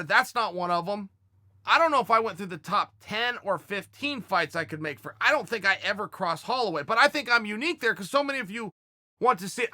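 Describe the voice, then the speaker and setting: Hosting a fan question show, this man answers questions with casual stories and commentary, retelling scenes with quoted dialogue in a loose, animated, conversational way. His high voice is very bright and forceful. The recording is dry and close, with no echo.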